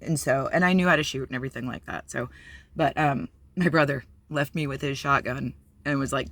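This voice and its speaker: A woman's voice: a bass voice, brisk, fairly bright tone, no room sound. A woman candidly telling a personal story on her vlog, blunt and profane, with many fillers. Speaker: vlogger.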